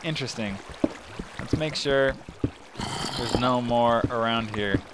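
A man hosting a gaming channel, talking to himself in casual, excitable commentary as he plays. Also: mid-range voice, slow, background noise. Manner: chatty, excitable, talks to himself while playing.

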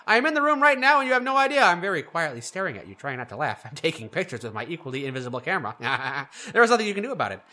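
A smug male scientist who mocks the players while hidden, dropping into hushed, snickering asides. The voice sits high and bright, lively in its rise and fall, with a man putting it on. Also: very fast, hardly any pauses. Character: smug invisible male scientist, sneaky and mocking.

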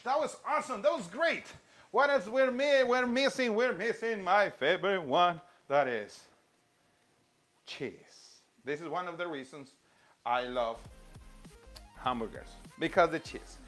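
A Colombian man who teaches music gives a lively live lesson from a home kitchen, coaching young viewers with counts and chants. His voice sits high and his delivery is unhurried.

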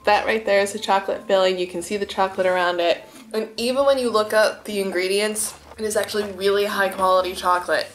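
A woman's voice: mid-range voice, steady tone, fast, hardly any pauses, faint music behind. Gushing young woman food vlogger. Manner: gushing, enthusiastic, drops to soft murmurs while eating. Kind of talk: chatty food tasting vlog.

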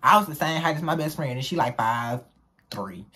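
A young woman with a deep, husky voice chats at normal speed, telling her viewers a tale from her school years. Her manner is lively and chatty, peppered with slang.

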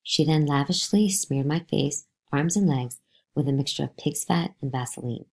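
A woman reading a novel aloud to a class, lively, with pitch jumps on the spoken lines. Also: moderate pace, vocal fry, slightly rough.

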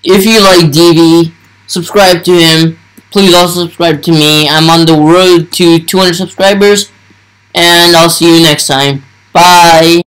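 A young man narrates his gameplay in a starstruck rush, piling one exclamation onto the next. His voice sits a little higher than most men's. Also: fairly even intonation, a little slow, a bit bright, clean tone, poor audio. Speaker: gaming YouTuber. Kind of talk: excited gameplay commentary.

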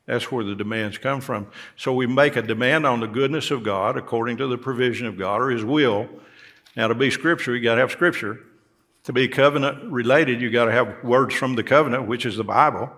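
A man's voice: mid-range voice, fairly quick, fairly bright tone. A male pastor delivering a sermon in a church, folksy in tone and rising emphatically on key words. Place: church sanctuary.

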